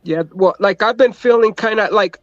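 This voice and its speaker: A man's voice: sits high, normal speed, highs cut off, soft background music. A man in casual podcast chat, laid-back and swearing, calling others bro.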